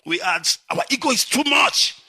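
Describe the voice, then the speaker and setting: A middle-aged Nigerian man giving an impassioned live address, swinging from shouts to low, urgent warnings. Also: lively intonation, normal speed, breathy edge, no room sound. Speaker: activist speaker.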